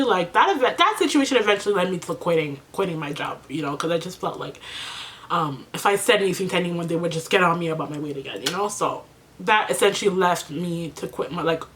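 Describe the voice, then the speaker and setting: A woman's voice: on the low side, a bit bright. Tearful young woman chatting to camera. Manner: emotional, heavy use of "like" and "you know". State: tearful after crying. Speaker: beauty vlogger. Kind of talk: casual get-ready-with-me chat.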